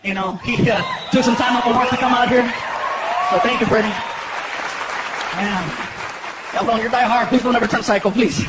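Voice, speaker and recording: High-voiced animated stand-up comedian. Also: male voice, moderate pace, long pauses, very noisy. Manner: animated, playful storytelling. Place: live theater stage. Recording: live show, loud crowd laughter.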